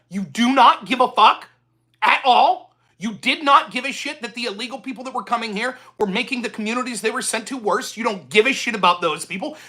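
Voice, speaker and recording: A male talk show host delivers solo ranting commentary, angry and confrontational, cursing freely and repeatedly turning on the listener he speaks straight at. His extremely high-pitched voice stays bright and sharp throughout.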